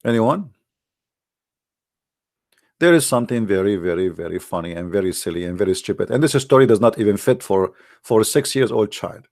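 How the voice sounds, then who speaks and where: A man's voice: lowish voice, animated, fairly quick, pauses often, darkish tone, dry recording, studio quality. A man hosting a live stream, arguing emphatically and scornfully in non-native English, repeating words for effect. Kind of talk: argumentative commentary to a live chat.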